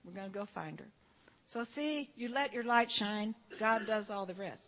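A woman's voice: medium pitch, expressive, moderate pace. An older woman from Georgia, telling a fervent story-filled testimony at church. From Georgia, USA. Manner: storytelling, fervent, quotes people in dialogue. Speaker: church speaker giving testimony. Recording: dull lo-fi recording.

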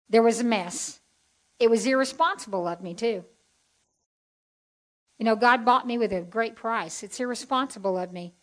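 A woman's voice: a little high, poor audio. Folksy woman teaching the Bible. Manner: folksy, chatty and heartfelt, with asides to the audience. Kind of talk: testimony teaching to a group.

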